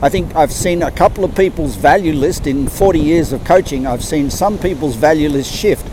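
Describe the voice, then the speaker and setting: Older Aussie male life coach, higher register, earnest and rambling, faint outdoor wind and boat noise. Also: normal speed. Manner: earnest, rambling, with many restarts and acted-out quotes. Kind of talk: motivational monologue.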